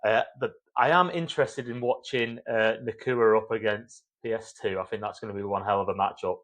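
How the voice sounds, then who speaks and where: A man's voice: on the low side, steady tone, brisk, fairly bright tone. A man hosting a football podcast over a video call, upbeat and easygoing. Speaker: podcast host. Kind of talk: casual sports chat.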